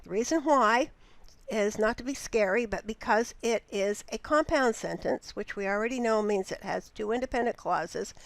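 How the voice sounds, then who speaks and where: A woman instructor explaining grammar in a recorded lecture, patient and deliberate, with occasional restarts. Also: on the high side, vocal fry, dry recording. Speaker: writing instructor.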